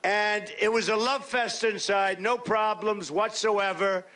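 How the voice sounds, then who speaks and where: A man giving a campaign rally speech as a political candidate, boastful and rambling, repeating himself in punchy short phrases that he often shouts. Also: sits high, fairly even intonation, measured pace. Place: large rally space.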